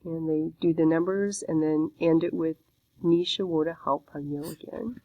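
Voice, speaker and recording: A woman's voice: deep voice, steady tone, normal speed, warm tone, dry recording, muffled recording. A woman teaching a beginner Chinese lesson, walking through a textbook page by page in a patient, explanatory way.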